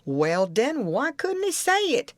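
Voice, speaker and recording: A woman's voice: high voice, huge pitch swings, slow pace, no echo, pitched above the performer's own voice, full character voice. A woman reading an audiobook, voicing a stubborn, argumentative grown man with an insistent folksy drawl.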